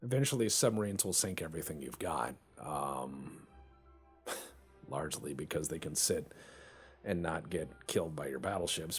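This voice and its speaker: A man's voice: rumbling low, darkish tone. A man hosting a let's play, giving casual commentary on a naval strategy game, joking, swearing and thinking aloud as he plays.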